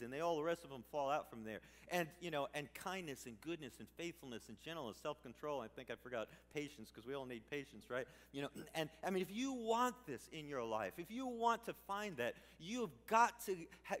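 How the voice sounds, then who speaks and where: A male pastor delivers a sermon from a church sanctuary. He talks in a conversational way and climbs into emphatic, raised bursts, with a voice sitting a little high for a man. A long hall reverb trails after his words. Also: fairly bright tone.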